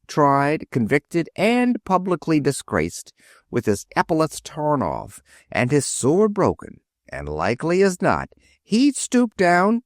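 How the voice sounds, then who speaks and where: A man narrating an audiobook with expressive storytelling. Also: a little high, no echo, clean studio sound. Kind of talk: scripted narration.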